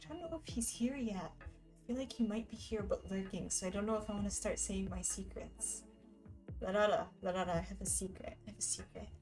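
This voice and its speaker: A woman's voice: medium pitch, a little mellow. A woman streamer talking casually with her chat, laughing often and reading messages aloud. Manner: giggly, chatty, reads chat aloud.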